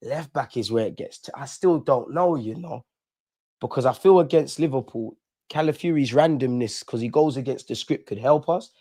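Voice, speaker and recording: A man's voice: medium pitch, normal speed, mellow, dry recording, studio quality. A young man, chatting casually and animatedly on a live fan stream, full of slang. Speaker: fan channel host.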